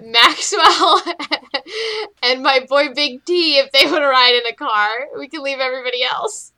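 A woman's voice: sits high, animated, measured pace, pushed and bright. A woman playing a tabletop role-playing game, playful and laughing often. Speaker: player.

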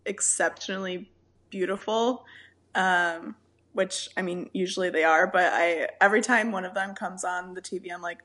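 A woman's voice: on the low side, steady tone, moderate pace, fairly bright tone. A woman guest on a casual podcast chat, talking easily and laughing often.

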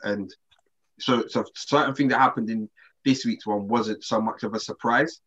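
A man, co-hosting a casual chat and telling a story in relaxed slang with many restarts. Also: lowish voice, moderate pace, slightly rough. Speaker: podcast co-host. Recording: slightly dull lo-fi sound.

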